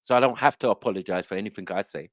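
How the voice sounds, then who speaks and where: A man's voice: lowish voice, racing, dry recording, clean studio sound. A man hosting an online panel, ranting in a boastful, confrontational way and swearing a lot. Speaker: host of an online panel show. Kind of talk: heated casual rant.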